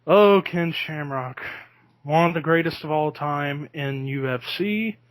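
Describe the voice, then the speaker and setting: A man's voice: fairly high pitch, measured pace, no room sound. A man hosting a podcast in casual chat, talking easily and breaking into laughter. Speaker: podcast host.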